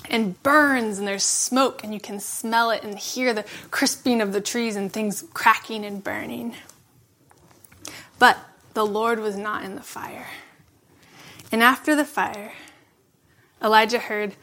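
A woman giving a reflective devotional sermon, laughing softly between phrases and dropping to a hush for emphasis. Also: fairly high pitch. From California. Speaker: preacher.

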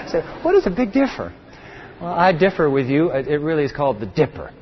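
A man's voice: fairly high pitch, big pitch swings, moderate pace, a little hiss or hum. A middle-aged male pastor preaching an impassioned sermon, often repeating words and restarting sentences. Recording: reverberant, dull lo-fi sound.

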